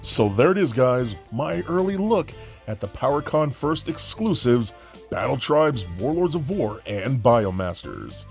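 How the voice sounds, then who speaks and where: A man reviewing action figures with excited, gushing enthusiasm, stumbling over fillers and restarts. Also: medium pitch, a little slow, gravelly, faint music behind. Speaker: toy reviewer.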